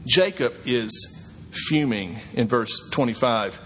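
A middle-aged man preaching a sermon as a pastor, swinging from quiet asides to high, incredulous exclamations. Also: slow pace, slight background noise. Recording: long hall reverb, faint ambience.

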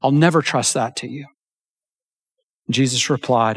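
A pastor preaching a sermon in an earnest, emphatic way, slowing down to stress key phrases and acting out quoted lines. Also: male voice, mid-range voice, breathy edge.

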